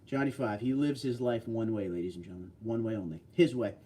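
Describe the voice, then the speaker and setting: A man's voice: fairly low pitch, fast talker, dark tone. A man from New York hosting a casual livestream, reading out viewer comments and bantering back.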